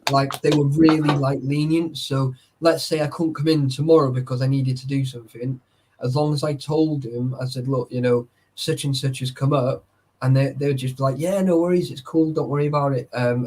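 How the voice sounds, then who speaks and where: A man's voice: mid-range voice, level tone, moderate pace, a little mellow. A man in casual chat, swearing freely and peppering his talk with "like" and "right". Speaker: urban explorer.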